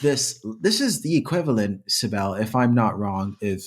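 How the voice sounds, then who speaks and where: A man's voice: lowish voice, animated, moderate pace, background noise. A man co-hosting a comedic history podcast, telling the story in a playful, mock-exasperated way. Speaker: podcast co-host.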